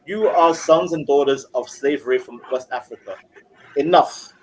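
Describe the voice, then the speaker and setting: A man's voice: mid-range voice, normal speed, a little mellow, slight background noise, rough recording. A man from Somaliland calling into a live stream, arguing heatedly and stuttering as his words rush out. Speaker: caller.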